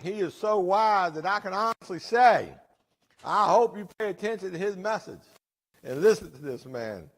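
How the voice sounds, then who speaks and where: A middle-aged man hosting a recovery meeting in a jail, telling stories in a lively, joking, plainspoken way. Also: sits high, moderate pace, heavy reverb, distant mic. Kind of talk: motivational storytelling to inmates.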